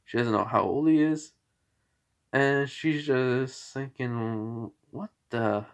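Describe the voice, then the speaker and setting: A man with a mid-range voice and some vocal fry casually retells a fan-fiction story. He rambles and halts, using plenty of fillers and restarting often.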